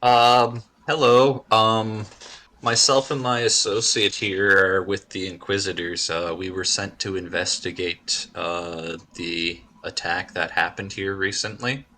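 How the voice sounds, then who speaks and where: A man playing in a tabletop game, speaking politely in a measured, hesitant way. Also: low voice, fairly even intonation, pushed and bright. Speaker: player.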